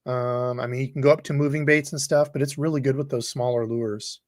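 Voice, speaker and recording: A man's voice: medium pitch, fairly even intonation, a little fast, no echo, clean studio sound. A man hosting a fishing livestream, rambling casually and reading viewer comments aloud. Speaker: fishing channel host.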